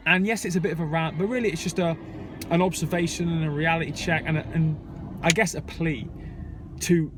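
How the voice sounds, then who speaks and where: A young man speaking with a slightly high voice, frank and conversational as he tells a story. He talks like a casual vlog rant, plain and direct. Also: a little hiss or hum. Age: young adult. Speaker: vlogger. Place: airport terminal.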